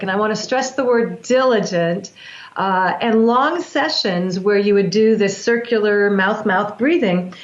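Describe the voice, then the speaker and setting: A woman who works as a breathwork practitioner, explaining in a calm, measured way with frequent restarts. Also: medium pitch, roomy sound, lo-fi sound. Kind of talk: explanatory interview talk.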